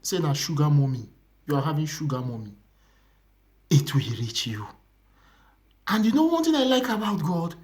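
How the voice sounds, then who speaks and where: Young man, Nigerian accent, sermon, earnest, repetitive, hushed asides. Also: fairly high pitch, expressive, fast talker. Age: young adult. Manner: earnest, repetitive preaching that drops to hushed whispers. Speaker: preacher.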